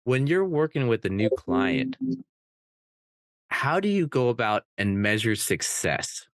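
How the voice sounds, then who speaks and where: A man hosting a podcast interview, asking questions and reacting with lively interest. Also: medium pitch, unhurried, no room sound. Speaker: podcast host.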